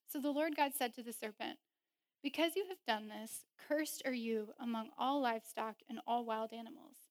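High-voiced woman preaching. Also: normal speed, no room sound, clean studio sound. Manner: animated, laughs often, acts out voices in quotes. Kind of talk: sermon.

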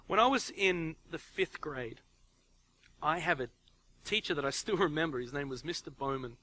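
A man in his forties delivers a sermon in a relaxed, talky way, stumbling over and repeating his words as he goes. His voice sits a little high for a man and rings bright and forceful. He slips into little acted-out quotes of parents talking to their kids. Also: normal speed, low-quality recording. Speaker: pastor.

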